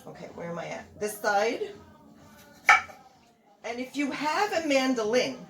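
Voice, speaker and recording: A woman's voice: fairly high pitch, sing-song, measured pace, vocal fry. An older woman hosting a home cooking show, chatting casually and rambling a bit as she walks through a recipe. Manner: chatty, homey, rambling with fillers.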